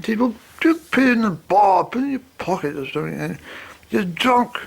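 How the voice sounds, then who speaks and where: A man rambling through a personal story, expressive and swearing now and then. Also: high voice, brisk, creaky.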